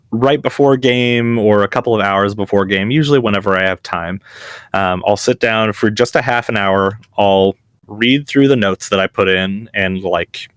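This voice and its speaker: A man's voice: fairly low pitch, fairly bright tone, smooth, dry recording, clean studio sound. A man and game master, chatting as a guest in an interview, easygoing and chuckling at himself. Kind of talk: casual interview.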